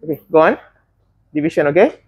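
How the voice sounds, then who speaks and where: A woman's voice: sits low, lively intonation, brisk, breathy edge, dry recording, dull audio. A woman teaching a botany class, chatty and teasing, often restarting her words. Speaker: botany lecturer. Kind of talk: classroom lecture.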